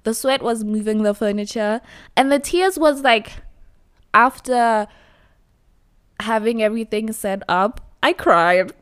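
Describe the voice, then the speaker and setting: A young woman with a fairly high, slightly bright and smooth voice hosts her own podcast from her new studio, speaking at a measured pace with long pauses. She chats casually in a solo episode, laughing at herself and over-explaining things.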